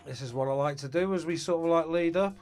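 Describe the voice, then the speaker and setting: Man, chatty streamer, reads out comments, fairly high voice. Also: fast talker, a little mellow, soft background music. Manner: chatty, reads out viewer comments, thinks aloud. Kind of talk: casual live stream chat.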